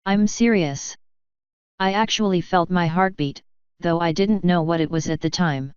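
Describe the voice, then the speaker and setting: A woman's voice: on the low side, normal speed, darkish tone, clear, resonant tone, dry recording, lo-fi sound, natural voice. A woman voicing an earnest young male pony who is smitten and eager.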